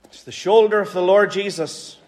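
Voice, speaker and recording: A man's voice: high-pitched, normal speed, darkish tone. A man with a Northern Irish accent preaching a sermon in an earnest, pleading way, repeating phrases for emphasis. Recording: hall reverb.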